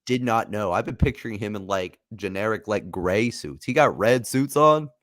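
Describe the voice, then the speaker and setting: A man's voice: fairly low pitch, animated, moderate pace, a loud crowd. A man hosting a podcast in casual chat, who jokes, swears freely and laughs between lines. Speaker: podcast host.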